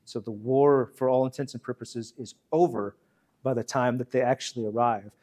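Husky guy giving a history talk, chatty, repeats himself a lot. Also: medium pitch, steady tone, normal speed, a little mellow. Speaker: guest speaker. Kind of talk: history lecture.

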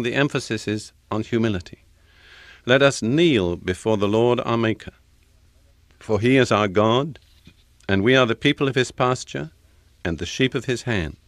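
Older British man teaching scripture, measured. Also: mid-range voice, a bit bright, no echo. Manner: slow, measured delivery with deliberate pauses; reads scripture with solemn emphasis. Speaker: Bible teacher. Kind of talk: sermon.

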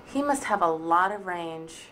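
A woman playing a sharp-tongued, sarcastic ex-girlfriend with biting comebacks. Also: on the low side, animated, a little slow, a little hiss or hum. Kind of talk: indie comedy drama acting.

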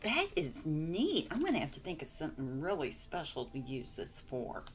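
Gushing, giggly woman with a lively voice. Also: sits low, moderate pace, a little hiss or hum. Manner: gushing, giggly, exclaims often. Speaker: vlogger showing mail from friends. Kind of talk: casual chatty unboxing.

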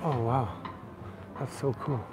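A Canadian man narrating a casual walking tour of city streets, chatty and excitable. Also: mid-range voice, slow, loud music behind the voice. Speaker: vlogger. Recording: faint outdoor street noise. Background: faint traffic and street noise.

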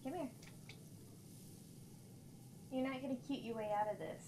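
A woman's voice: sits high, a little slow, background noise. A woman streamer chatting casually with viewers while she plays, laughing often and cooing at her pet. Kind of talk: casual live-stream chat.

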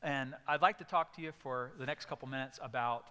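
In a church sanctuary, a male pastor gives a sermon, telling stories and suddenly bursting into acted-out voices. His mid-range voice is brisk, sharp, clear and resonant, with a big-room sound.

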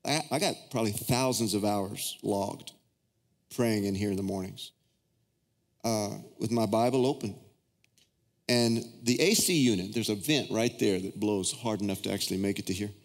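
A middle-aged man, a pastor preaching a sermon who tells personal stories and leaps into high, excited voices when acting out his prayers. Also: normal speed. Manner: storytelling, swings into high excited acted-out prayers. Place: large church auditorium. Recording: reverberant hall.

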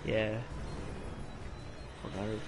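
Dude raging at a game, cussing out the enemies, noisy background. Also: male voice, lowish voice, monotone, slow pace. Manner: frustrated, swearing, taunting enemies. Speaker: let's play gamer. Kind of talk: live gameplay commentary.

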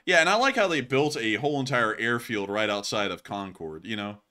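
A man's voice: mid-range voice, lively intonation, fairly quick, sharp tone. A man hosting a show, chatting casually and joking, laughing often and stumbling over his words. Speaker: news show host. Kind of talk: casual banter on a live show.

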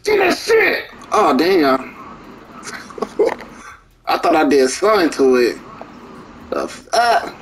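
A man's voice: a little high, huge pitch swings, slow pace, long pauses, slight background noise, low-quality recording. A young man streaming a basketball video game, cursing and trash-talking his teammates in casual commentary. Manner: profane, joking trash talk at teammates. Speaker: gaming streamer.

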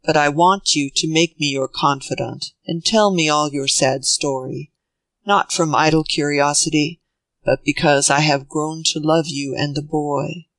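An old gentleman speaks with grave, earnest kindness, as a reader voices him. The voice sits at a plain middle pitch with a dry, close sound and no room around it. He sounds steady and sincere. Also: unhurried, dry recording, poor audio. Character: old gentle Southern man, grave and kind.

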